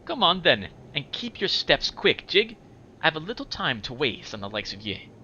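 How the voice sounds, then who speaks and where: A man voicing a sharp-tongued young half-demon woman, speaking higher and trying a rough brogue. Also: big pitch swings, normal speed, dull audio, slight background noise, exaggerated voice. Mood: impatient.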